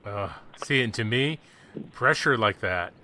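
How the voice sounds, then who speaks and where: Male radio interviewer, bright and engaged, asks follow-ups. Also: lowish voice, animated, a little slow. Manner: attentive, laughs along.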